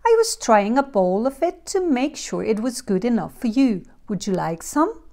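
A woman voicing an anxious little old woman in a storybook castle, speaking in a hushed, fussing way. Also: fairly high pitch, big pitch swings, normal speed.

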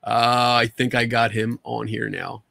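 A man hosts a casual livestream from home, chatting loosely and laughing often. His voice sits at an average pitch. The computer mic sounds close and dry, with no room echo. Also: flat delivery, a little slow, vocal fry, bright, forceful tone. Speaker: show host. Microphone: computer mic on video call.

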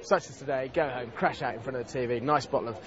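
A man's voice: medium pitch, quick pace, highs cut off, crowd noise. A man demonstrating a cooking dish as a TV chef, talking in a casual, chatty and enthusiastic way at an outdoor food festival.

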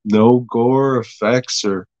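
Casting: unhurried male podcast host, crude and rambling, dry close mic. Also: medium pitch, fairly even intonation, a little mellow, no room sound, dull audio. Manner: profane, rambling, laughing recap. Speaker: podcast host reviewing an episode. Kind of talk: casual chat.

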